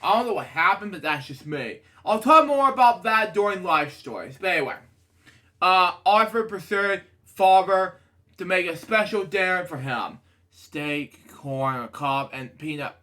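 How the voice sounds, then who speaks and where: A man reading a picture book aloud, drifting into rambling personal tangents with sudden excited outbursts. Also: sits high, normal speed. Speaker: reader of a children's book.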